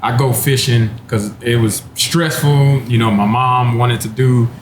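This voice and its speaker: A man's voice: medium pitch, fairly even intonation, a little slow. A man in his thirties from Texas spins a long personal story in an easygoing, conversational voice. He laughs often as he talks. The recording is roomy with a faint hum of the venue behind him. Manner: laid-back, laughing storyteller. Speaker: former NFL running back, panelist. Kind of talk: casual storytelling chat. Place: wine bar, indoors.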